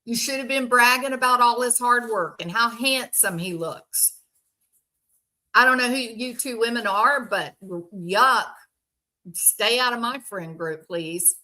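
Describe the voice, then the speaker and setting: A woman's voice: fairly high pitch, takes it slowly, pushed and bright. A woman hosting casual true crime commentary, bluntly and indignantly answering viewers by name. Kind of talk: casual commentary reacting to chat.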